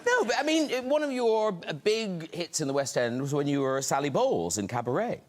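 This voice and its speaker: A man's voice: on the high side, brisk. A man with an Irish accent hosting a talk show, chatting and teasing his guests with a laugh. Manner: lively, teasing, laughs often. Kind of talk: casual chat.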